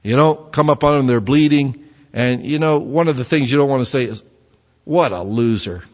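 A man's voice: mid-range voice, brisk. A man preaching a sermon in a conversational way, full of rhetorical questions. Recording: dull sound with long hall reverb.

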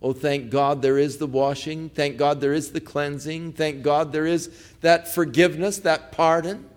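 A man preaching a sermon, telling a folksy personal story, then dropping from loud proclamation to hushed pleading. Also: on the high side, steady tone, normal speed. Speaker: pastor.

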